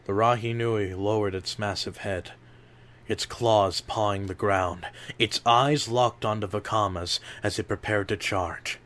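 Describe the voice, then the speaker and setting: Give me a man with a low, gravelly voice narrating an audiobook very slowly. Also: fairly bright tone. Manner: slow, measured storytelling.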